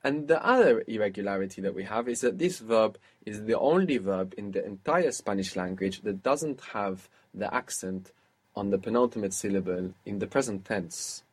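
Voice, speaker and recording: A man's voice: lowish voice, lively intonation, normal speed, breathy edge. A man teaching a spoken language lesson, patiently explaining grammar step by step and quizzing his student.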